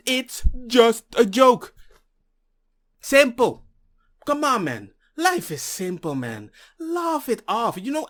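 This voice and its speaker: A man's voice: very high voice, pushed and bright. A man from the Caribbean ranting in a jokey commentary video, mocking others as he goes.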